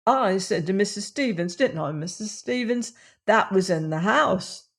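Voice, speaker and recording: A woman voicing an eager, excitable young housemaid who drawls her words. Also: medium pitch, a little slow. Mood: insistent.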